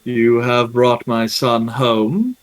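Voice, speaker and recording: A man voicing a cold, haughty noble father who talks in a measured, disdainful way in a tabletop game. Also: mid-range voice, fairly even intonation, no room sound, faint music behind, natural voice, rough recording.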